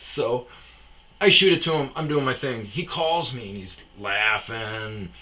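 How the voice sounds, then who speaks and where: A man's voice: mid-range voice, a little slow, bright, forceful tone, poor audio. A tired man hosting a casual, rambling storytelling monologue, chuckling and acting out his friends' lines. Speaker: storyteller host.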